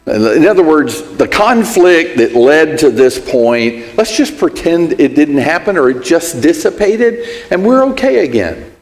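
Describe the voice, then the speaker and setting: Man, church class teacher, animated delivery, long hall reverb, conversational and example-driven. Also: a little high, unhurried. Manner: conversational, gives everyday examples and acts out sample apologies.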